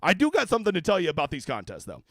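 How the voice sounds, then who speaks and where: A man's voice: sits high, huge pitch swings, very fast, fairly bright tone, dry recording. A man hosting a fantasy golf livestream in a casual, profane, ranting way, with brash jokes aimed at his viewers. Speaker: daily fantasy golf streamer.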